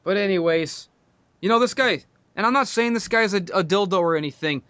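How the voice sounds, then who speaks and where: A man's voice: high voice, brisk, background noise. A man telling a crude, profanity-heavy story in casual podcast chat, laughing often. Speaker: podcast guest.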